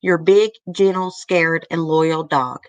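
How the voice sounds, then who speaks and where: A woman's voice: deep voice, slow pace, clear, resonant tone, no echo. A woman host reading a letter aloud to her viewers in an earnest, easily moved way, stopping now and then to comment.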